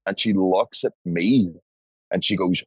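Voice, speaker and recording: A man's voice: deep voice, unhurried, husky, no room sound, poor audio. A man telling a wild story on a podcast, acting out the voices and swearing freely. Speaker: podcast guest. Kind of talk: casual storytelling. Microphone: podcast studio mic.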